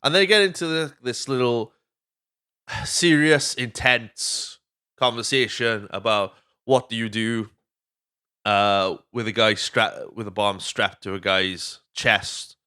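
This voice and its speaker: A man's voice: lowish voice, slow pace, sharp tone, clean tone. A Welsh man hosting a podcast, chatting casually through a movie recap, swearing freely and drifting off on tangents. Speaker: podcast host.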